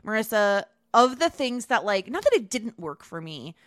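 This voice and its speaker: A woman's voice: mid-range voice, sing-song, a bit bright, dry recording. Woman chatting thru a tv recap, bouncy voice, dry mic. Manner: chatty, quick asides with laughs. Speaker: podcast co-host. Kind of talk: casual TV recap chat.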